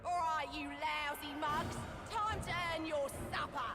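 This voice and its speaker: A crude, brash fight-club boss with a British accent. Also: female voice, high voice, a little slow. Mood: taunting. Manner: insulting, mocking the fighters. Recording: game audio with music and crowd.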